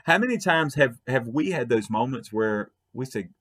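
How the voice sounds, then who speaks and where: Earnest husky-voiced pastor. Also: male voice, mid-range voice, animated, moderate pace, a bit bright. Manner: earnest, repeats words and restarts, quotes with rising emphasis. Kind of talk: short devotional talk to the camera.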